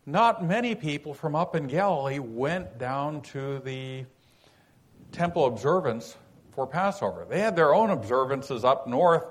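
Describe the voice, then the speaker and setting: A man, raised in California, teaching a Bible passage in an unhurried, folksy sermon full of "you know" asides. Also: on the high side. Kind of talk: conversational sermon.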